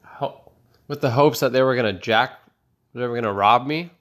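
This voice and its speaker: A man's voice: medium pitch, moderate pace, fairly bright tone. A man doing rambling, profane stand-up comedy, telling self-mocking stories.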